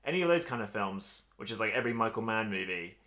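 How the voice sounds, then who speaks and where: A man's voice: on the low side, animated, fast talker, pushed and bright. A man co-hosting a podcast, chatting casually and giving wry, opinionated takes. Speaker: podcast co-host. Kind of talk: casual chat.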